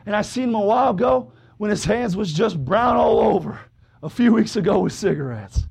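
A man's voice: high voice, lively intonation, brisk, gravelly, husky. A man preaching a fervent sermon in church, calling out to the congregation and breaking into hallelujahs. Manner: fervent, calls out brother, sister, shouts hallelujah. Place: church service with congregation responding.

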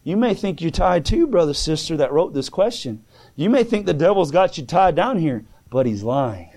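A male preacher with a somewhat high voice, delivering a sermon in a fervent, folksy way. He tells homely stories in plain speech and swings from soft pleading to ringing calls. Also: big pitch swings, normal speed. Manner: folksy plain-spoken storytelling. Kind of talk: sermon answering written questions.

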